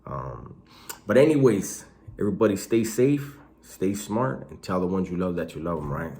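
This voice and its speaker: A man casually telling stories about prison life in a slangy, animated way, swearing freely. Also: low voice, normal speed, vocal fry. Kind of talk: casual storytelling.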